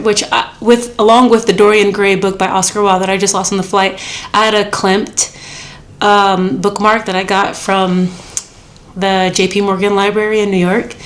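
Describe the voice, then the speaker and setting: A young woman from the United States, chatting casually and bubbly as a travel vlogger, laughing often. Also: mid-range voice. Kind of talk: casual vlog chat. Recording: music playing behind.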